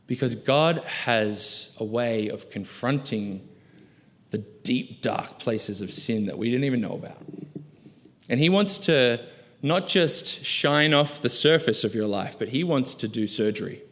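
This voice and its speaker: A man preaching a sermon in a church auditorium, his voice trailing off in a long hall reverb. He has an ordinary, mid-pitched voice. He punches some lines loudly and drops others to a hushed murmur, often asking the listeners questions. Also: animated, a little slow. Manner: emphatic preaching, rhetorical questions, swings between loud stress and hushed asides. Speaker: pastor.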